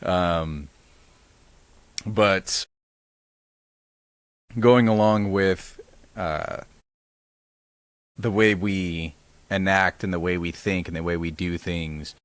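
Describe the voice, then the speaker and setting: Man, very low voice, unhurried, hesitant musing, dry close sound. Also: steady tone, smooth, no room sound. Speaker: podcast co-host. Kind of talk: casual conversation.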